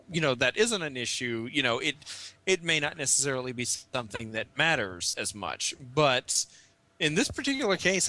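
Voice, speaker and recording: A man's voice: fairly high pitch, sharp tone, no echo. A man with a Southern US accent co-hosting a casual chat, explaining his views earnestly at length.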